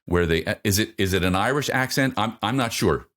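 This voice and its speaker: A middle-aged man with a very deep voice, speaking as a voice coach in an interview. He talks haltingly and keeps circling back with fillers and repeated words as he explains. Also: expressive, a bit bright. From North America. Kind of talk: interview answers.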